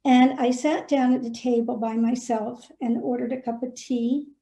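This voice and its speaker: Over a video call, a woman who once led a school tells a personal story and gently encourages school leaders with sincere, heartfelt advice. Her high-leaning voice has fairly even intonation and a moderate pace, and the room is echoey.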